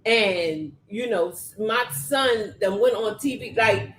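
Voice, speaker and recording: A woman's voice: medium pitch, takes it slowly, fairly bright tone, a little hiss or hum. Chatty woman co-host in an echoey room. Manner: chatty, emphatic commentary.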